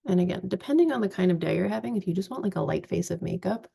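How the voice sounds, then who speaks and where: A woman in her forties giving a chatty, relaxed step-by-step makeup tutorial. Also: on the low side, racing, gravelly, slightly rough. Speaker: makeup vlogger.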